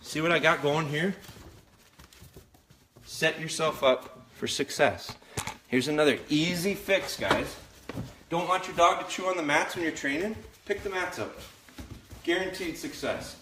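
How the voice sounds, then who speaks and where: A dog trainer with a fairly high voice talks at a measured pace, pausing often, as he gives viewers a live training demonstration in his kitchen. Candid and direct in his coaching, he's heard in an echoey room with faint noise.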